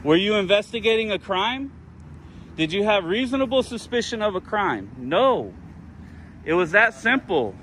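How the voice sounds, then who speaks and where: A man's voice: sits high, sing-song, moderate pace, fairly bright tone, a little hiss or hum. A man filming police with a handheld camera outdoors, arguing heatedly and repeating his demands over and over. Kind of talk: heated street confrontation. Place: outdoors by a parking area.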